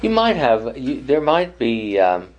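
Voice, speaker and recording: A man teaching a Bible study group, voice sitting at an ordinary middle pitch. He talks things through thoughtfully, often stopping and restarting a phrase. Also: big pitch swings, lo-fi sound. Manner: thoughtful, with frequent restarts and pauses. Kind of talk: leading a Bible study class.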